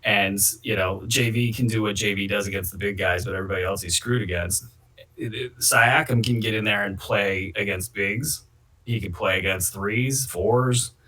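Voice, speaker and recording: A man's voice: on the low side, moderate pace, pushed and bright. Opinionated man rambling about basketball. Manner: opinionated, rambling, hot takes. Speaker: host. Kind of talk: casual sports chat.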